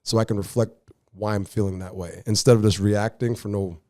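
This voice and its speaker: A man's voice: lowish voice, steady tone, a little fast, a little mellow, no room sound, clean studio sound. A man as a podcast guest, telling his story in an earnest, reflective way. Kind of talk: casual conversational interview.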